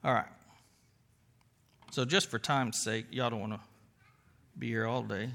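A man's voice: medium pitch, fairly even intonation, measured pace, gravelly, a bit bright. A man preaching a sermon as pastor, talking conversationally and piling up rhetorical questions.

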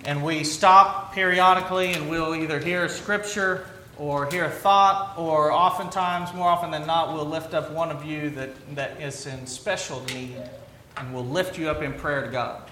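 A pastor with a high, bright voice speaks to his congregation in a relaxed, halting way, circling back and restarting his phrases. The big church room rings around him, with faint ambience underneath. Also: echoey room, a little hiss or hum. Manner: conversational, halting with restarts and fillers. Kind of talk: sermon. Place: church sanctuary.

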